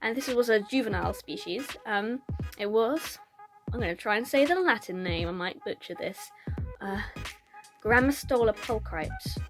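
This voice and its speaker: A woman's voice: mid-range voice, animated, moderate pace, vocal fry, music in the background. A woman, ranting to camera in a casual vlog, blunt and sweary, laughing often, recorded on a phone. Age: 20s. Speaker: vlogger.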